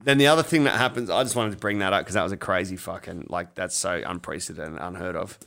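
A man's voice: deep voice, fast, vocal fry, a bit bright. A young Australian man co-hosting a casual betting podcast, sweary and laughing often. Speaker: podcast co-host. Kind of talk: casual sports betting chat.

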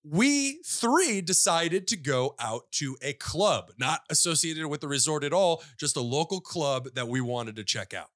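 A man with a high, very lively voice that swoops up and down as he tells a story on a podcast. He chats casually, teases, and laughs easily. The sound is dry and close. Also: a little slow, few pauses, no echo. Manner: animated, laughs often, teasing. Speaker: podcast co-host.

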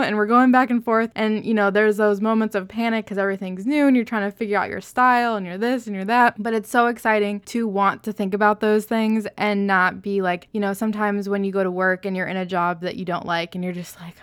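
Brief: young woman host, mid-pitched, lively and laughing as she retells stories. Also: fast talker, hardly any pauses, clear, resonant tone. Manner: animated, laughing, acts out dialogue. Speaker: podcast host. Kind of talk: casual podcast chat.

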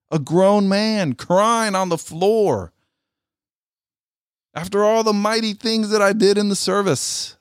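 A middle-aged man, a military veteran, telling a personal story in an earnest, halting way and often repeating his words. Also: sits high, dry recording, studio quality.

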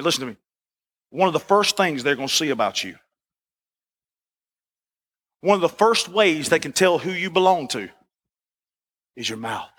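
A man preaching a sermon as the pastor, folksy and animated, repeating "listen" and asking for "amen". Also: fairly high pitch.

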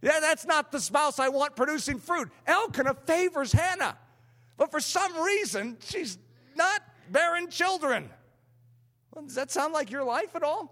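A man delivering a fervent, emphatic sermon in a very high voice. His pitch swings widely from line to line. A long hall reverb trails after his words. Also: lively intonation, a little slow, sharp tone. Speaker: preacher.

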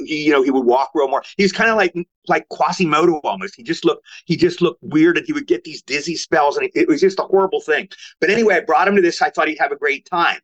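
A fast, animated older man spins his stories on a podcast. His voice sits fairly high for a man. The sound is dull and lo-fi, like a remote line. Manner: animated, quotes others in raised voice. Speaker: guest actor. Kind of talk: casual storytelling. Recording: lo-fi remote audio.

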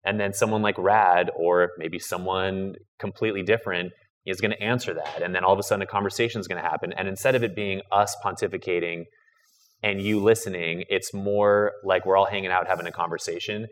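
A man's voice: low voice, steady tone, a little fast, a bit bright. A man talking casually in an online audio chat, earnest and encouraging, modest about himself. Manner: earnest, encouraging, self-deprecating. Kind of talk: casual chat giving advice.

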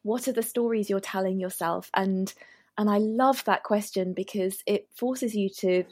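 A woman doctor talking through burnout prevention in a measured, explanatory way on a podcast. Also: mid-range voice, a little mellow, breathy edge, dry recording, clean studio sound. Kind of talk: podcast conversation.

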